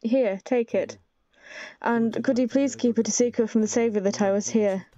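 A woman's voice: a little high, steady tone, moderate pace, mellow, lo-fi sound, close to an everyday voice. A woman reading a timid, clingy young man from a game, pleading and apologetic.

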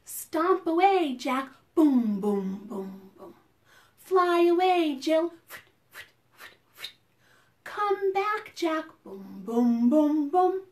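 A woman children's librarian leading preschool storytime. Her voice sits high and she speaks slowly and deliberately, with animated, sing-song chanting of rhymes and picture-book narration.

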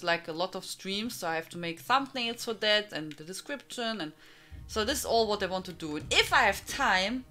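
A woman's voice: mid-range voice, pushed and bright. A woman from Germany with a strong German accent, chatting casually on a live stream, greeting viewers by name and laughing often.

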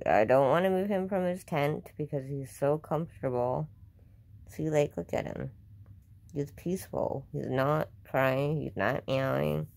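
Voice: mid-range voice, unhurried, creaky, darkish tone. An upset vlogger talks casually to camera at home, defensive and repeating themselves.

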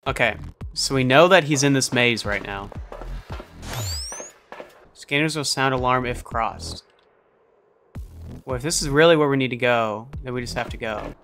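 A young man hosting a let's play of a horror game, excitable, yelping and shouting at scares and talking to himself as he plays. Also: mid-range voice, fairly quick. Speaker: gaming channel host. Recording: game music under the voice. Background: background music.

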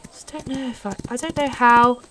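A young British woman giving excitable commentary while playing a horse racing game, urging her horse on. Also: fairly high pitch, moderate pace, background noise. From Britain. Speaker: gaming YouTuber. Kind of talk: live gameplay commentary.

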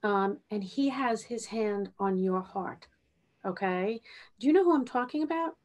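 Woman medium hosting a podcast interview, gentle and reassuring as she gives a reading. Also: medium pitch, expressive, measured pace. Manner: gentle, reassuring, checks in with "okay?". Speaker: host, spiritual medium.

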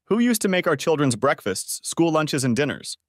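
Brief: wronged husband, voiced by a man, calm, gentle, measured, dry close sound. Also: a little high, no echo, voice pushed up. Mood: probing.

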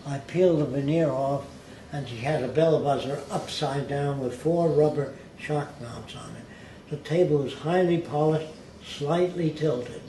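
With a warm, fairly high-pitched voice and an unhurried pace, an older man bluntly tells stories from his own life. He slips into accents to mimic people he quotes, and the recording is roomy with faint hiss.

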